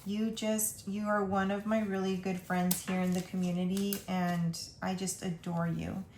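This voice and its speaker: A woman hosts a casual budgeting vlog, chatting and gushing as she unwraps packages and reads the notes out loud. Her voice sits at an ordinary middle pitch. The room around her is echoey, with a faint hiss underneath. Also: little pitch movement, a little slow. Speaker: budgeting channel host. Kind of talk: casual vlog, opening mail.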